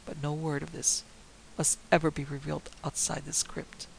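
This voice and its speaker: A man's voice: fairly high pitch, flat delivery, normal speed, creaky, poor audio. A man voicing a stern, dispassionate older male professor who hunts vampires, in a story reading. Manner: cold, dispassionate. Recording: faint hiss.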